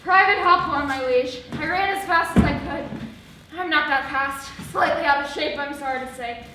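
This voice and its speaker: A woman's voice: high voice, normal speed, natural voice. A teenage girl in a live school stage play, playing a bumbling young male soldier who rambles, giggles and gets flustered. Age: teens. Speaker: student actor. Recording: echoey hall, distant stage mic, faint hiss.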